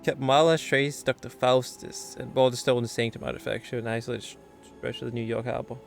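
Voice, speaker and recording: A man commentates casually on his game, rambling and laughing. His voice is gravelly. Faint game music plays underneath. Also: mid-range voice, fairly even intonation, fairly quick. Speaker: streamer.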